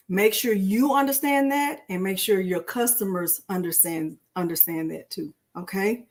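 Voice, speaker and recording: A middle-aged woman, hosting a casual live-stream crafting tutorial and talking to viewers in a chatty, warm-hearted way. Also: medium pitch. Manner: chatty and emotional, addresses viewers as y'all.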